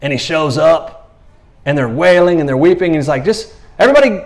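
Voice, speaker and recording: A man preaching a sermon in a conversational, animated way, acting out the voices of the people in the stories he tells. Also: a little high, normal speed.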